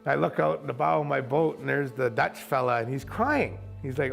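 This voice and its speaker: Guy w/ a gravelly voice, animated storytelling, faint music under it. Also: medium pitch, brisk, hardly any pauses. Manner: animated, acts out voices of others. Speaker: kayak camp owner and boat operator. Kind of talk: casual storytelling. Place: outdoors at a rocky bay.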